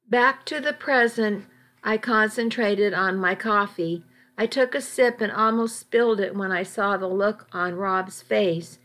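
A woman narrating a first-person story in a calm, even reading voice. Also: mid-range voice, unhurried.

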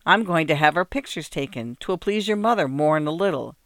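A man's voice: fairly high pitch, animated, a little fast, fairly bright tone, no room sound, clean studio sound. A man voicing a kindly, cheerful farmer father who talks in plain, homely country speech.

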